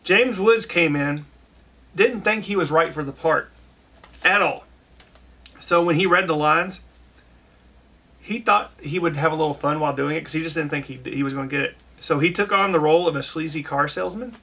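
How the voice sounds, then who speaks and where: A man's voice: a little high, normal speed, bright, forceful tone. A man hosting a casual podcast chat, laying out what he has researched at length. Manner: researched, tells facts at length. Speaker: podcast host.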